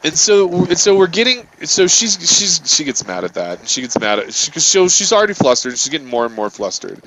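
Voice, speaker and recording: A man's voice: on the high side, brisk, muffled recording. A man hosting a gaming channel, telling a rambling story full of swearing and filler words. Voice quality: profane, filler-heavy, animated retelling. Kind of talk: rambling storytelling over gameplay.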